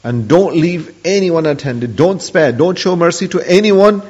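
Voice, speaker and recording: A man's voice: on the high side, moderate pace, a little mellow, husky. A man voicing a stern, commanding ship captain within a spoken story. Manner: barking orders. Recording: dull lo-fi audio with long hall reverb.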